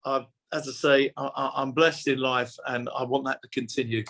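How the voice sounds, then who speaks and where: A man, a musician guest chatting warmly and effusively in an interview, with many restarts. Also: mid-range voice, little pitch movement, moderate pace. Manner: effusive, repeats words and restarts, laughs often. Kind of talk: casual interview chat.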